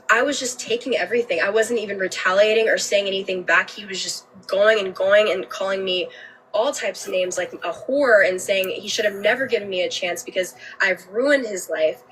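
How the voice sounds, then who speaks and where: A woman's voice: medium pitch, a bit bright, recorded from a distance, a little hiss or hum, poor audio. A woman telling a personal story on a livestream, emotional and candid, swearing freely and often restarting her sentences.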